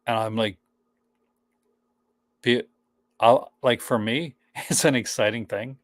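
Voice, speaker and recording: A man's voice: medium pitch, slow pace, dry recording. A man from Newfoundland, co-hosting a live stream in a joking, casual chat full of fillers. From Newfoundland, Canada. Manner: joking, chatty, many fillers.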